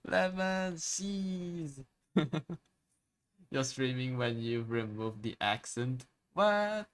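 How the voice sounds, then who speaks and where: A man's voice: mid-range voice, fairly bright tone. A man casually chatting with his viewers while drawing on a live stream, laid-back and chuckling often, repeating words as he starts his sentences.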